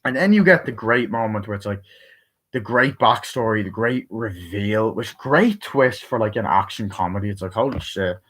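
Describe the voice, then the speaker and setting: A man giving a casual movie review, rambling excitedly and swearing often as he retells scenes. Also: on the low side, normal speed, slightly rough.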